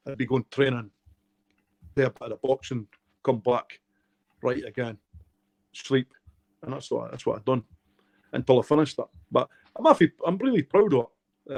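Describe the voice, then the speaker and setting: In this candid interview, a Scottish author in middle age shares his life stories with real emotion and heart. He speaks as the guest, his voice mid-range and somewhat dark in tone.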